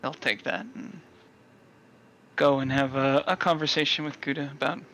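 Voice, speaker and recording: A player speaking in character in a tabletop game, calm and measured. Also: medium pitch, a little hiss or hum.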